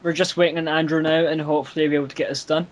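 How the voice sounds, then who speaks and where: Man, jokey, laughs a lot, fairly high voice, voice call. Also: flat delivery, racing, lo-fi sound. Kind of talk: casual group call chat.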